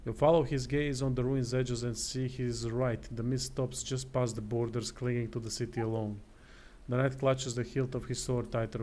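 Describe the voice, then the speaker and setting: A man's voice: mid-range voice, steady tone, normal speed, a little mellow, slight background noise. A tired man streaming, casually reading a text game aloud, swearing now and then and stumbling over words. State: tired, yawning.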